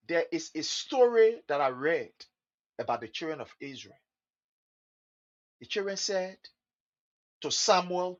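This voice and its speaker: A Liberian man with a Liberian English accent, giving impassioned political commentary that swings between loud outbursts and low mutters, in the manner of a preacher. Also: lo-fi sound.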